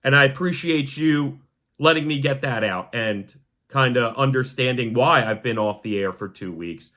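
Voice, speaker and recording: A young man hosting a podcast, talking to camera in a heartfelt, halting way that sometimes sounds choked up. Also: medium pitch, sharp tone. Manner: repeats the word "gang" to the audience. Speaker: podcast host. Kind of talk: emotional personal monologue to camera.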